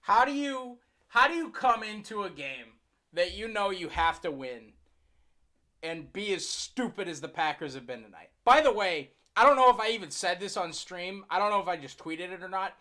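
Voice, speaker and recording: A man with a high, bright, sharp voice calls a football game live on stream. He moves between quick play-by-play and exasperated, sarcastic rants at his own team's blunders. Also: lively intonation. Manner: exasperated ranting with bursts of sarcasm. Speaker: sports streamer.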